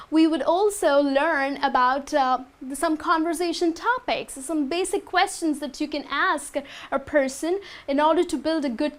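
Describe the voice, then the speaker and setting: A woman's voice: extremely high pitch, fairly bright tone. A young adult woman teaching an English lesson, explaining step by step and checking in with "okay?" after each point.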